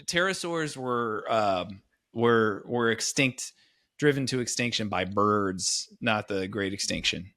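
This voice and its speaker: A man's voice: on the low side, slow pace, pushed and bright, no room sound, studio quality. A man co-hosting a podcast, talking casually and with enthusiasm, rambling with many restarts. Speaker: podcast co-host. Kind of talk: casual chat.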